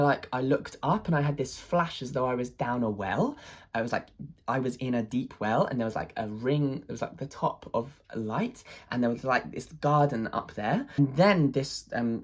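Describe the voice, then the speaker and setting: An artist telling an excited personal story, full of hesitations, restarts and fillers. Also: medium pitch. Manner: excited, animated retelling.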